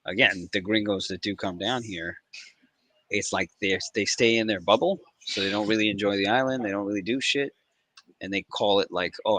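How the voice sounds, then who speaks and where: A lowish male voice with a bright, forceful edge, hosting a casual trading livestream. He talks in excitable, profane banter. The sound is close and dry. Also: dry recording, poor audio.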